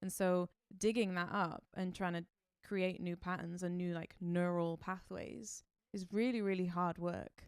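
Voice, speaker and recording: A woman co-hosting a podcast, speaking calmly and reassuringly in reflective casual chat. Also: on the low side, a little slow, hardly any pauses, clean tone, no echo. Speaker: podcast co-host.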